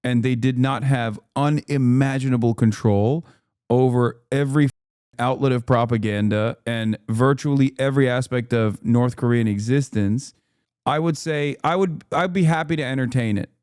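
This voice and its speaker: A man hosting a stream, reacting to a video in rapid, argumentative, exasperated casual commentary. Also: mid-range voice, a little mellow, clean tone, no room sound, clean studio sound. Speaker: streamer host.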